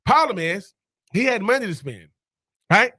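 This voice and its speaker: Emphatic, high-voiced male radio co-host. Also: very animated, normal speed, sharp tone, husky, dry recording, clean studio sound. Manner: emphatic, opinionated, builds points in lists. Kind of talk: sports talk radio.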